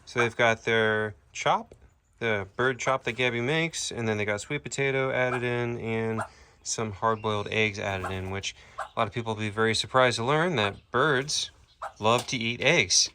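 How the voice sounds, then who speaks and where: A man's voice: mid-range voice, moderate pace, sharp tone, slight background noise. A man who keeps an animal sanctuary, narrating a casual vlog outdoors, explaining animal care plainly and cooing at the animals.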